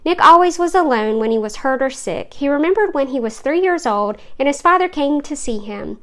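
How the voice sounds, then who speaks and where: A woman reads a story aloud in a plain, steady manner. Her voice sits high. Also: brisk. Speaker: story reader.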